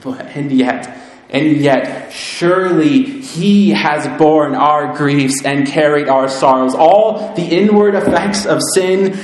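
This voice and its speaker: Male preacher, earnest and solemn, strong room echo. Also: takes it slowly. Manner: earnest, builds to fervent emphasis, then drops low and solemn. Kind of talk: sermon. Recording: very echoey room.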